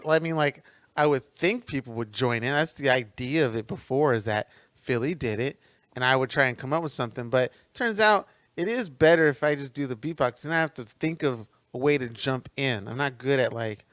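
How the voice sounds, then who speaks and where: A man's voice: mid-range voice, moderate pace, a bit bright, dry recording. A man co-hosting a podcast in casual banter, joking and laughing often mid-sentence, recorded at a friend's house. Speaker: podcast co-host.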